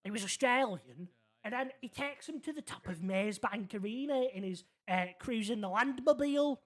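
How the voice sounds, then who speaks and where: A streamer roleplaying in a city game voices a naive young man who rambles earnestly through a long story and keeps checking that the listener follows along. The delivery is medium-pitched, expressive, and lightly acted, at a normal speed.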